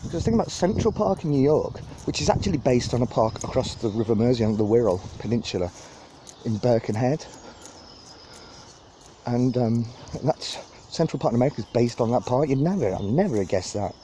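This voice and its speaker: A vlogger gives a rambling, chatty walking tour of a city park outdoors, laughing at his own jokes as he talks into a phone held while walking. His mid-range voice is a little fast with lively intonation, and background noise is audible.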